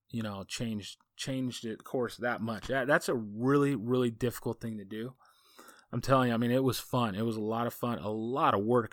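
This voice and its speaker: A man's voice: on the low side, dry recording, clean studio sound. A man, a football coach hosting a podcast, telling a story in a casual, folksy, rambling way full of asides.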